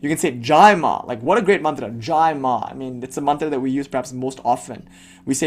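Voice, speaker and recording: A man's voice: medium pitch, quick pace. A man giving a devotional talk as a spiritual teacher, turning into a blunt, impassioned rant that swears freely and mocks the people he imagines asking him questions.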